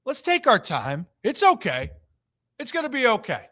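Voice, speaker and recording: A man's voice: very high-pitched, huge pitch swings, moderate pace, bright, forceful tone. A young man hosting a sports talk show, ranting animatedly in a casual chat.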